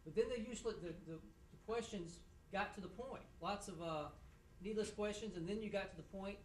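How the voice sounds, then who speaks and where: Speaking to students following a mock trial, the middle-aged man, a judge with a fairly high voice, stumbles along in repetitive bursts and drops in deadpan jokes. His voice echoes across the courtroom from afar, a faint room hum below it.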